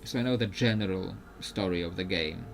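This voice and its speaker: A man's voice: deep voice, fairly quick, vocal fry, soft background music. A young man with a non-native English accent, a little unwell, giving casual rambling commentary while he plays, full of fillers and jokes. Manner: rambling, jokey, heavy on fillers. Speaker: game streamer.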